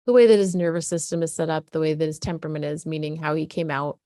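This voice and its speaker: A frank, middle-aged woman coaching parents in a casual, unfiltered way. Her voice sits somewhat low and sounds dry and close, with no room echo. She swears freely. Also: fairly even intonation, fast talker, warm tone. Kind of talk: candid talk to parents.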